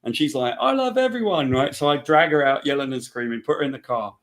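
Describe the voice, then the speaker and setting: A comic book writer appearing as a guest tells a funny anecdote in casual chat, speaking quickly at medium pitch. He's animated, acting out the quotes as he goes.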